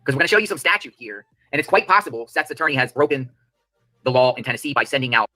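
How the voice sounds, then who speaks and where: A man hosting a live stream, giving fast, emphatic, indignant commentary. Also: medium pitch, bright, forceful tone, poor audio. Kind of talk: ranting commentary.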